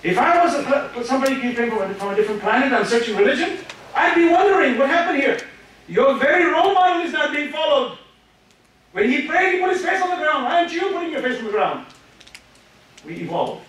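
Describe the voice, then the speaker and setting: Guy preaching fired up, high voice, big echoey hall, sounds far from the mic. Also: animated, fast, a little hiss or hum. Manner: impassioned, rhetorical questions, rising to shouts. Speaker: speaker. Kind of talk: religious lecture. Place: large hall at an Islamic centre.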